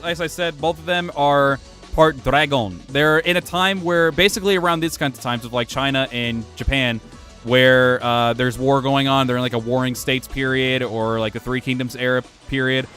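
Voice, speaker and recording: A man's voice: medium pitch, normal speed, a bit bright. A man casually commenting while he plays a video game, rambling, self-mocking and swearing freely. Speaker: gaming streamer. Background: faint music playing from his computer.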